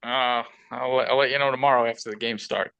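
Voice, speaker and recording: A man's voice: medium pitch, steady tone, fairly quick, creaky, a bit bright, smooth, dry recording, highs cut off. A man hosting a casual sports betting podcast, bantering and joking crudely with his co-host.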